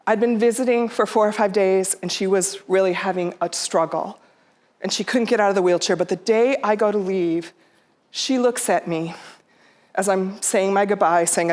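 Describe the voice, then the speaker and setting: A middle-aged woman giving a heartfelt storytelling talk on stage, quoting herself and her mother in her own voice. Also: mid-range voice. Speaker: speaker. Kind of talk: storytelling talk to a live audience. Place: theater stage.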